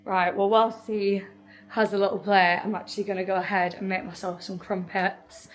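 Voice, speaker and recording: A woman's voice: mid-range voice, flat delivery, normal speed. A young woman in her twenties, chatting casually and rambling a little in a home vlog. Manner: chatty, rambling, self-deprecating. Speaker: vlogger.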